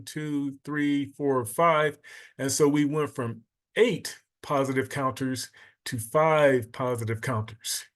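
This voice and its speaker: A man teaching a math lesson, patiently explaining and counting items aloud step by step. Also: mid-range voice.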